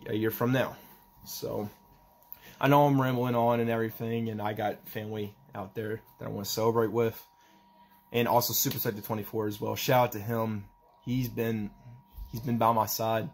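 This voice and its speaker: A young man talking in a personal vlog, halting and emotional as he tries not to cry, with a faint hiss behind him. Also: medium pitch. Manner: halting, emotional, restarts often. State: holding back tears. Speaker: vlogger.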